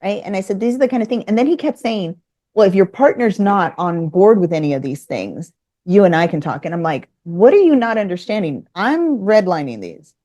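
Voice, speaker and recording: A woman's voice: lowish voice, fairly quick, warm tone. A woman guest telling a business story in casual conversation, acting out both sides of the dialogue. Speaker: podcast guest.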